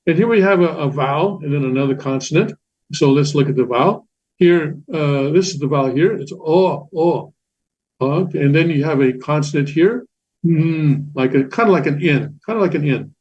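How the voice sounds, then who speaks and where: Male teacher, fairly high voice, patient and repetitive with lots of "uh"s, dull lo-fi recording. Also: expressive, a little fast, darkish tone, a little hiss or hum. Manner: patient, repetitive, many fillers and restarts. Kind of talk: classroom lecture explaining Korean letters. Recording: dull lo-fi sound.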